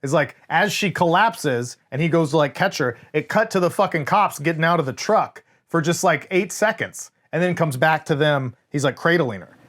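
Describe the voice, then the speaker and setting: Co-hosting a casual film review podcast, a man speaks animatedly at a moderate pace with hardly any pauses. His voice is fairly high, he swears freely, and he quotes scenes using voices.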